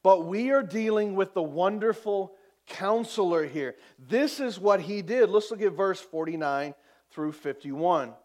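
A man delivers a sermon with a higher-than-usual voice. He preaches slowly and deliberately, repeating phrases for emphasis. When he quotes, he sinks into a soft, hushed tone. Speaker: pastor.

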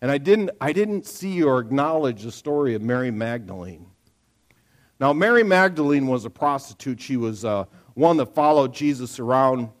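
A middle-aged man preaching to his church in a loose, conversational way. He tells everyday stories, acts out the voices of the people in them, and keeps checking in with the room with a quick "right?". His voice sits at an ordinary middle pitch. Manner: animated storyteller, acts out quotes, frequent "right?"; lively conversational sermon delivery. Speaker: pastor. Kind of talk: sermon.

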